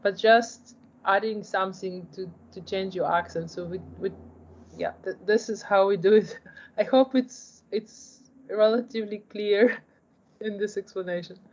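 A woman's voice: medium pitch, unhurried, a little mellow. Woman, founder type, explains stuff earnestly, lots of "like", kinda muffled audio. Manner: earnest, explanatory, frequent "like" and restarts. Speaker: startup founder. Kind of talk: interview answers. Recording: dull lo-fi audio.

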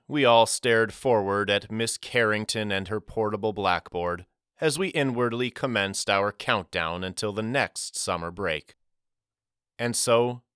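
A man narrating a first-person audiobook story in a wry, measured storytelling manner. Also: lowish voice, a bit bright, clean tone, dry recording, studio quality.

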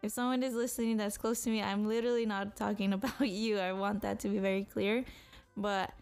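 A woman's voice: mid-range voice, little pitch movement, a little fast, a little mellow, clear, resonant tone. Blunt, profane young woman podcaster. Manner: blunt and profane, self-motivating. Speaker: podcast co-host. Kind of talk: solo podcast monologue.

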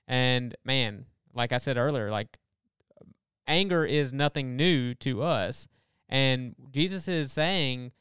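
A man talks through a Bible passage in a casual, earnest way, building his point and rushing through asides. His voice is very smooth and clear, and the recording is dry and close. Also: mid-range voice, no room sound. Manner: earnest, explanatory, animated with quick asides. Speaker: podcast co-host. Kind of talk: casual Bible study discussion.

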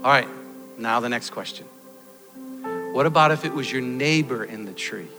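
A man preaching a sermon, swinging from loud exhortation to quiet storytelling. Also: mid-range voice, normal speed. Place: church hall. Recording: long hall reverb with faint music.

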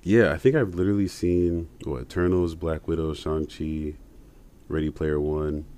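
Man, very low voice, casual podcast chat, rambling, laughs a lot. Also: moderate pace, a little hiss or hum. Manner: rambling, laughs often, animated when retelling stories. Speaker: podcast co-host.

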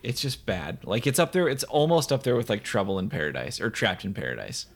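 A man's voice: lowish voice, sing-song, a little fast. A young man co-hosting a casual movie chat, blunt and jokey, swearing freely. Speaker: podcast co-host reviewing a movie.

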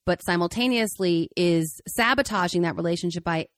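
A woman's voice: on the low side, normal speed, no room sound. A woman co-hosting a podcast, asking thoughtful, probing questions. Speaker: podcast co-host. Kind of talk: podcast conversation.

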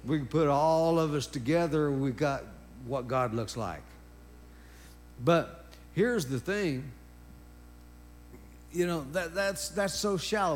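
A man preaches a sermon at an unhurried, deliberate pace. His voice sits somewhat high for a man. He hammers on repeated phrases and punctuates his points with exclamations of praise. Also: expressive, a little hiss or hum. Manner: emphatic, drawn-out preaching with repeated phrases and interjections.

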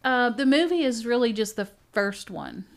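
A middle-aged woman, a bookstore owner, chatting casually as a podcast guest, animated and laughing often as she tells stories. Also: fairly high pitch, normal speed, vocal fry. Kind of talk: casual interview chat.

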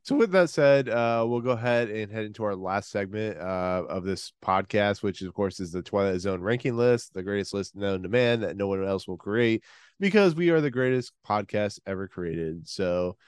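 A man hosting a podcast, steering the segments in a lively, boastful tone with casual swearing. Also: fairly low pitch, normal speed, smooth, dry recording, studio quality. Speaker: podcast host.

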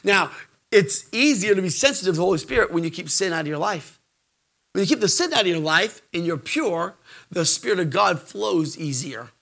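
A middle-aged man preaching a sermon, animated, swinging from shouts to hushed asides and jokes. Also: sits high, moderate pace, gravelly.

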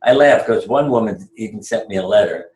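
A man's voice: fairly low pitch, animated, brisk, a little mellow, roomy sound, poor audio. An older man, a retired surgeon, telling stories in an interview in a chatty, wry way, chuckling at his own anecdotes.

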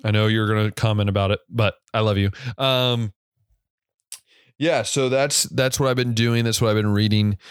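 A man's voice: lowish voice, steady tone, normal speed, clean tone, no room sound, clean studio sound. A young man hosting a podcast, talking casually and reflectively, rambling and correcting himself with many fillers, and a bit drowsy from yawning. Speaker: podcast host.

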